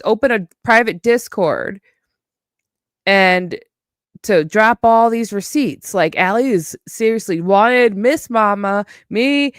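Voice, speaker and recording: A woman's voice: on the high side, clean tone, no room sound, clean studio sound. A woman streamer ranting on a casual livestream, heated and profane, with a mocking edge.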